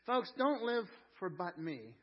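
Male pastor, sermon, high husky voice, surges and drops in volume, stretches key phrases, dull lo-fi recording. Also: sing-song, slow pace. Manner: preaching with wide swings in loudness, drawing out key phrases; calls on the congregation to repeat lines.

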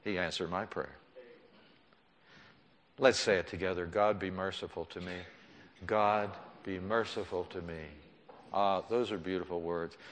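A male pastor preaching an impassioned sermon in a church, swinging between loud pleading and hushed, soft tones. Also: deep voice, a little hiss or hum. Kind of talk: sermon with altar call. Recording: long church reverb.

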